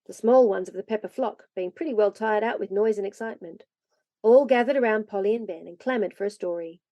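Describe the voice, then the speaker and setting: A woman narrating a classic children's story aloud in a lively, expressive way. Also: medium pitch, brisk, no room sound, muffled recording. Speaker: reader.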